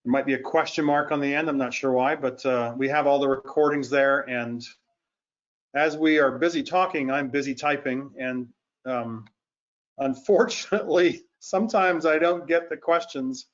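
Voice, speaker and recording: A man on staff explaining things on a video call, unhurried and hesitant with lots of fillers. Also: mid-range voice. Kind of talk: casual call chat. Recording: muffled call audio.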